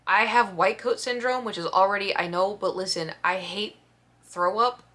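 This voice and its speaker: A woman vlogger telling a story in casual chat, expressive and acting out the quotes. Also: medium pitch, normal speed. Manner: chatty, expressive storyteller who acts out quotes.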